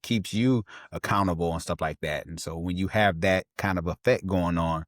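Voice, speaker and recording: A man hosting a casual faith podcast, relaxed and affirming, telling stories and asking questions. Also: low-pitched, normal speed, dry recording, studio quality. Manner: relaxed, frequent affirming "mm-hmm". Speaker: podcast host. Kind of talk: casual interview chat.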